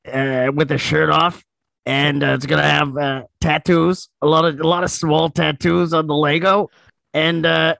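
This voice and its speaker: A man doing a comic impression of a laid-back young male comedian, raspy and halting, full of fillers. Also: fairly high pitch, sharp tone, no echo. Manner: halting, full of "uh" and "you know".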